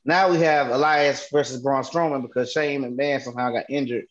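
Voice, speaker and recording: A man co-hosting a casual chat, animated and teasing, steering the talk with questions. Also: mid-range voice, brisk. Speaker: podcast co-host. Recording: lo-fi, dull audio.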